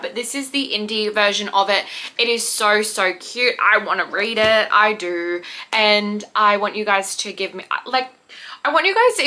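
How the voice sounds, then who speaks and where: A woman's voice: mid-range voice, sharp tone. A young woman, chatting casually to camera about her unread books in a rambling, self-deprecating way. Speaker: book vlogger.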